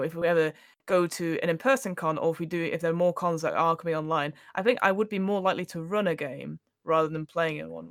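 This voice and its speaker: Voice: medium pitch, fairly bright tone, no echo. Chatty podcast guest, dry close sound. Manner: thoughtful, chatty, lots of "you know". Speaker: podcast guest and game master. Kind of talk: casual podcast chat about tabletop games.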